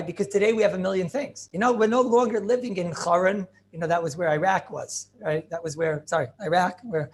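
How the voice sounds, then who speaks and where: A man's voice: sits high, slight background noise. A man giving an informal Torah class, rambling and joking, with many fillers and questions put to his students. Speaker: rabbi teaching a class.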